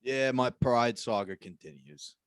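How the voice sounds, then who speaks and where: A man co-hosting a comedy podcast, telling stories in a dry, deadpan way. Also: medium pitch, a little slow, clear, resonant tone, no echo. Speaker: podcast co-host. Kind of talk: casual storytelling banter.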